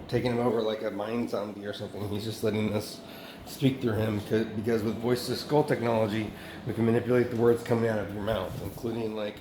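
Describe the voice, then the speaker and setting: Man rambling in an echoey, noisy room. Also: fairly low pitch. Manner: profane, halting, many restarts and fillers. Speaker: vlogger. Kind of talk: rambling self-recorded monologue.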